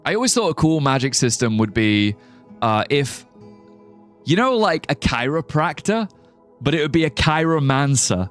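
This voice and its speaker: Man rambling through lively game commentary. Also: on the high side, moderate pace, soft background music. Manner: rambling, profane, laughs at his own ideas. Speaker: streamer. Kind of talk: live gameplay commentary.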